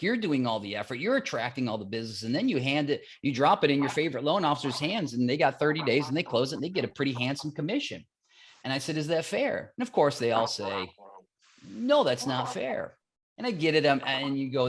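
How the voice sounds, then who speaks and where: A man speaking as a podcast guest at a medium pitch. He talks in animated stories, acting out both sides of conversations and repeating key phrases for emphasis. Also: quick pace. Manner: animated storytelling, acts out dialogue. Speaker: mortgage platform guest. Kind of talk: podcast interview.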